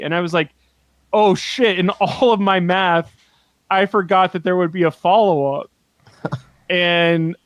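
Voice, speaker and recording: A man with a rather high voice chats on a podcast, retelling a card game match in an animated, laughing way with a few curses thrown in. His voice sits close on the microphone in a dry, dead room. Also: clear, resonant tone, dry recording. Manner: animated storytelling, swears, laughs often. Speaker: podcast co-host. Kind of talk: casual podcast chat.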